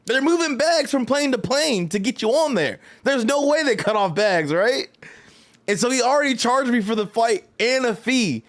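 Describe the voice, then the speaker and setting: A man telling a story in a casual vlog, animated and profane, full of slang and rambling asides. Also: very high-pitched, moderate pace. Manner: loose, rambling delivery with frequent "right?". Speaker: fighting game vlogger.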